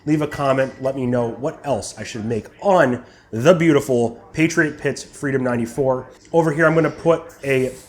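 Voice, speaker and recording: A young man hosting his barbecue channel, chatting casually while tasting brisket and sometimes talking with his mouth full. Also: medium pitch, slight background noise. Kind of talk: casual cooking vlog, tasting and reviewing.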